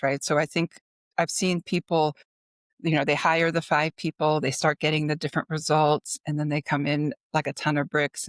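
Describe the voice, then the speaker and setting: A woman's voice: low-pitched, no echo, clean studio sound. A middle-aged woman talking casually as a podcast guest, chatty and full of fillers, acting out anecdotes as she goes. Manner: chatty, filler-heavy, animated retelling of anecdotes. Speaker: podcast guest, business consultant. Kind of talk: casual interview conversation.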